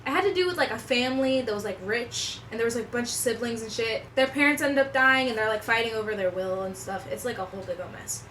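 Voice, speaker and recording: A young woman vlogger telling a story in a casual, profane, animated way, with lots of slang. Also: on the high side, fast, hardly any pauses, recorded from a distance, poor audio. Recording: voice a bit off-mic with faint room noise.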